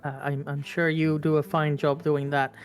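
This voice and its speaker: A woman playing a tabletop game, polite and halting when she talks in character. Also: sits low, level tone, soft background music. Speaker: player.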